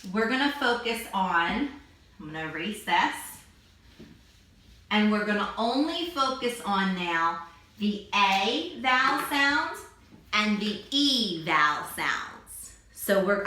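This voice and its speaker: A woman teacher walks young children through vowel sounds, stretching each one out slowly. Her voice is bright and clear, but it comes from a distance in a very echoey room. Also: mid-range voice, expressive. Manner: slow, drawn-out sounding of letters. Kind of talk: phonics lesson for young children.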